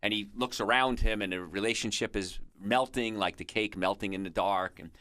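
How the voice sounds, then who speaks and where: A man's voice: lowish voice, normal speed, sharp tone, no echo. A man hosting a radio health show, explaining in a chatty way and drifting into stories and asides, recorded on a studio microphone. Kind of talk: conversational radio health talk.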